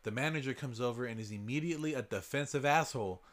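A man's voice: medium pitch, quick pace. Man casually reading listener stories aloud. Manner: swears freely, reads stories aloud with laughs. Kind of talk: casual podcast chat and story reading.

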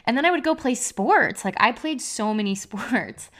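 A woman's voice: a little high, animated, normal speed. A young adult woman telling a personal story on a podcast, candid and confessional, with "like" as a constant filler. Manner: confessional, heavy use of "like" as filler. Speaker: podcast speaker.

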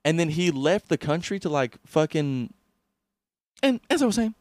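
A man's voice: a little high, normal speed, no room sound. A young man co-hosting a comedy podcast, telling stories casually and laughing often. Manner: laughs often, animated storytelling. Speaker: podcast co-host.

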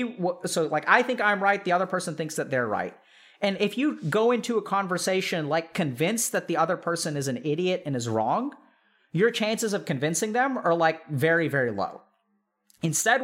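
A man who works as a psychiatrist, talking casually to a live chat audience in an animated way, with lots of "like" fillers, and calling his listeners y'all. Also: sits high.

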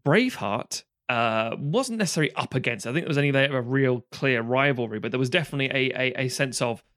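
Fast-talking man, rambling. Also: medium pitch, a bit bright, no room sound, clean studio sound. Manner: rambling, restarts a lot, swears casually. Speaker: podcast co-host. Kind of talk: casual film discussion.

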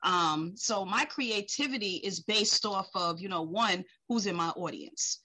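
A woman from the Caribbean chatting as an interview guest, with a bright, forward tone and a slightly husky edge. She tells animated stories, slips into acted-out quotes and laughs easily. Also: mid-range voice, measured pace, poor audio. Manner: lively storyteller, acts out quotes, laughs often. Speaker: guest speaker. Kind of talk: casual interview chat.

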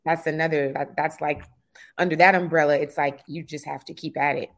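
A woman's voice: deep voice, fairly even intonation, a little fast. A woman guest in a casual interview, candid and blunt, laughing easily.

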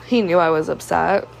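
A young woman hosting a podcast vents in a personal monologue, sharing a story with hurt and frustration. Her voice sits on the low side, with vocal fry and a fairly bright tone.

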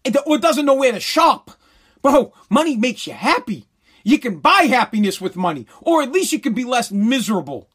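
A man's voice: very high-pitched, very animated, normal speed, a bit bright, slightly rough. A man delivering a blunt, heated, sarcastic opinion rant full of crude swearing.

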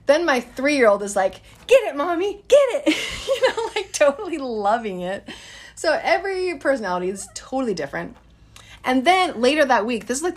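A woman in her thirties telling a story in a casual, chatty way, addressing listeners as guys. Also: medium pitch.

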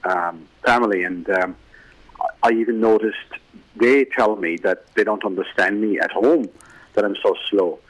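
A man's voice: fairly low pitch, normal speed, slightly rough, low-quality recording. A middle-aged Irish man talking casually as a radio guest, lilting and joking as he tells stories. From Ireland. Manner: lilting, storytelling, jokey. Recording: radio broadcast.

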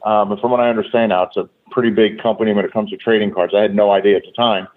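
A man's voice: fairly low pitch, fairly even intonation, racing. A man, a former wrestler, recounting road stories as a guest in a loose, profane, filler-heavy way. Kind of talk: casual storytelling. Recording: tinny phone-line audio.

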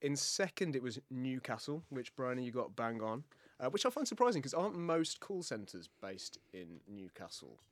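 A man's voice: medium pitch, big pitch swings, normal speed, few pauses, no echo. A man hosting a podcast quiz in a casual, laughing way. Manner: laughs through, stumbles cheerfully. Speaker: quiz host.

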